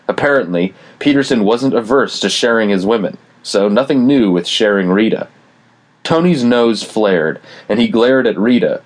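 Man, audiobook narrator, scripted narration, low-pitched, dry close recording. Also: dry recording.

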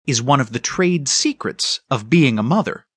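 A man voicing a firm but gentle mother in an audiobook, speaking in a dryly teasing way. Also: medium pitch, animated, moderate pace, husky, no room sound.

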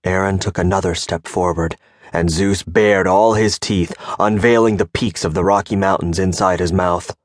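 A man giving a measured, scripted audiobook narration on a close studio mic. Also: low voice, fairly even intonation, no room sound. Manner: measured storytelling delivery.

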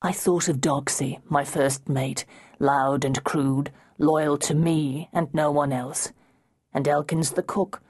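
A woman narrating an audiobook in a low, husky voice. Her reading is measured and deliberate, and her pace is slow and careful. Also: fairly even intonation, a little mellow. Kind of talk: first-person audiobook narration.

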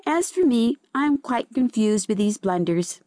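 A teasing, chatty storybook seaweed, as a woman reader puts it on, talks high and lilting with wide swings of pitch. It sounds close and dry with no room around it. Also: big pitch swings, unhurried, warm tone, no room sound. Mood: mocking. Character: chatty, mocking seaweed, quick to laugh.

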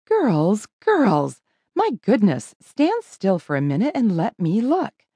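A woman voicing a kindly, composed older woman who speaks gently and motherly. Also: mid-range voice, huge pitch swings, slow, husky, no echo, studio quality, heavily acted. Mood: calming.

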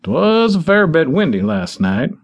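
A male narrator voicing a plainspoken old rural farmer who talks in a slow, folksy drawl. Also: on the high side, big pitch swings, voice pushed up, heavily acted.

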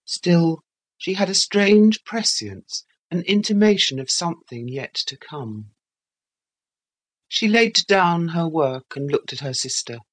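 A woman reading a classic novel as an audiobook narrator, in a measured literary manner. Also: on the low side, expressive.

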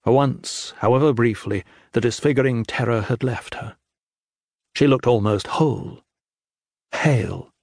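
A man narrating an epic fantasy audiobook in a measured, grave manner. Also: mid-range voice, vocal fry, a little mellow, no room sound, studio quality. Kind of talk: scripted narration.

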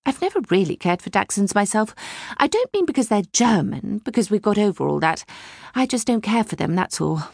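A woman's voice: medium pitch, very animated, fairly quick, vocal fry, no echo, clean studio sound. A woman narrator voicing a chattering, snobbish middle-aged mother who prattles and gossips, in an audiobook. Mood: chatty. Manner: prattling, gossipy, easily scandalised. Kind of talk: audiobook character reading.

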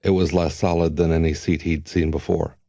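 A male audiobook narrator reading in a steady, measured way. His voice sits very low and sounds warm and dark. The recording is dry and close. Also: gravelly, dry recording. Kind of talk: scripted narration.

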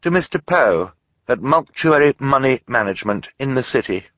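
A man's voice: medium pitch, lively intonation, moderate pace, dry recording, muffled recording, voice pushed up, close to an everyday voice. A man voicing a young girl, the eager eldest sibling, speaking earnestly and urgently in a storybook reading.

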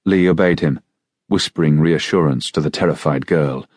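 A man narrates a novel in a measured, steady way. His voice is extremely deep and husky, recorded close and dry with no room sound. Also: no room sound. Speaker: audiobook narrator. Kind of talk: scripted narration.

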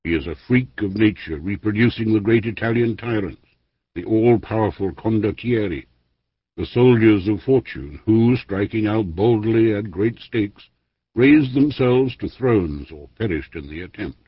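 A man reading a history book aloud as an audiobook narrator, in a measured, formal way with lively emphasis. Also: lowish voice, husky, no echo. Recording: dry, dull lo-fi studio recording.

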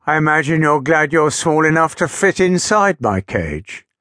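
A man voicing Gideon, a big, kind and wise male crane engine in a storybook, speaking calmly and fatherly. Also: a little high, moderate pace, dry recording, studio quality. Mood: gentle.

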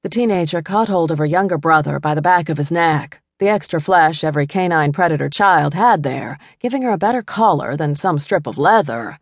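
A woman narrating an audiobook in a scripted, expressive reading, voicing each character in the dialogue. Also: low voice, fairly quick, hardly any pauses, no echo, studio quality.

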